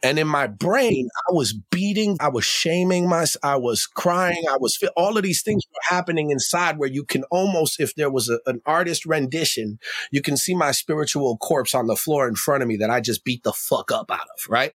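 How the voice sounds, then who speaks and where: A man's voice: a little high, expressive, normal speed, fairly bright tone, no echo. A man, a podcast guest, telling a personal story in a reflective, slangy way, often checking in with "right?". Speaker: podcast guest, emcee and educator. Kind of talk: candid podcast conversation.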